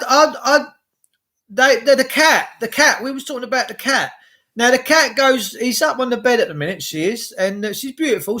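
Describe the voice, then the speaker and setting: A man's voice: sits high, sharp tone. A man hosting a rambling live stream, greeting viewers by name, swearing freely and drifting off on tangents. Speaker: livestream host.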